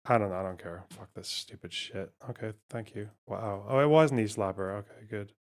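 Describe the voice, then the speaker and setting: Gravelly streamer swearing his way through a puzzle. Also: fairly low pitch, normal speed. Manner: thinks aloud, swears often, talks to chat. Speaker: live streamer. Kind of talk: casual live-stream talk while playing a word puzzle.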